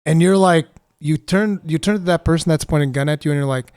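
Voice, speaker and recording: A man's voice: a little high, quick pace, hardly any pauses, darkish tone, smooth, dry recording, studio quality. A man giving casual reaction commentary as a streamer, profane, sarcastic and exasperated.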